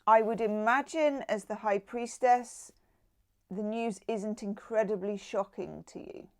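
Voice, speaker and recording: A woman's voice: mid-range voice, measured pace, a little mellow. Chatty woman giving a tarot reading. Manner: chatty, with exclaimed asides. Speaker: tarot reader. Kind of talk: casual tarot card reading.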